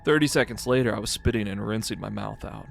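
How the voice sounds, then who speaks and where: A man's voice: on the low side, quick pace, vocal fry, faint music behind. A man co-hosting a casual podcast, reading a horror story aloud and joking between passages. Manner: jokey, laughs often, flat reading voice for the story.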